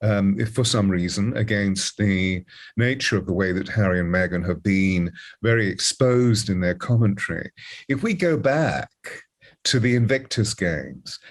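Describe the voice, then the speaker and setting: A man commenting as a guest co-host, talking in an expansive, meandering way full of fillers. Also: on the low side. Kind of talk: casual commentary.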